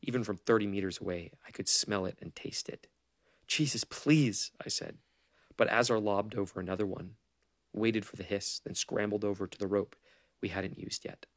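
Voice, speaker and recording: A man narrating a novel as an audiobook in a measured, understated way. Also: lowish voice, steady tone, no room sound.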